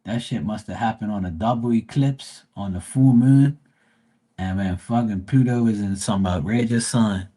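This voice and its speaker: Husky-voiced man chatting on a tarot stream. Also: lowish voice, moderate pace, dark tone. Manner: joking, rambling, swears freely. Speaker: live-stream tarot reader. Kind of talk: casual live-stream chat.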